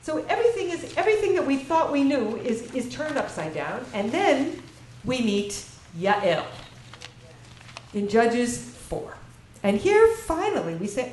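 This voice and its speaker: Lively woman lecturing in an echoey room. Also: high voice, a little slow. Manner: asks the audience questions, reads Hebrew verses and translates them. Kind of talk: classroom Bible lecture. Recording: echoey room with faint ambient noise.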